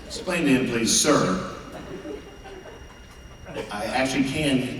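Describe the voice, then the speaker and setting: A man's voice: medium pitch, slow pace, a bit bright. Sardonic man in an echoey hall. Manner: sardonic, teasing the audience. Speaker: guest answering fan questions. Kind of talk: convention Q&A panel. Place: large indoor convention hall. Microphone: filmed from the audience on a far camera. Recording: echoey hall recorded from far off, crowd noise.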